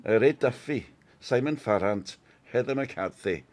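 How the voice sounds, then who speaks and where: A man's voice: medium pitch, lively intonation, a little slow. A man co-hosting a casual live stream, chatting and greeting viewers by name. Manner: reads out viewer names cheerfully. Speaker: co-host.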